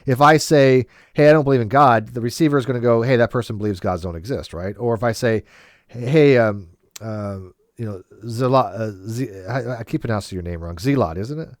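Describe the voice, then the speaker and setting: A man's voice: medium pitch, brisk, no room sound, clean studio sound. Man explaining logic, lots of "right?". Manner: explains at length with frequent restarts and "right?" checks. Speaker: debate host. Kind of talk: casual discussion.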